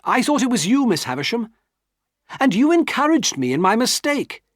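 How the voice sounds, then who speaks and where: A man's voice: very high-pitched, sing-song, normal speed, no room sound, pitched above the performer's own voice. A man voicing an earnest, heartbroken young man who pleads with trembling emotion, in a dry storybook reading. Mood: pleading.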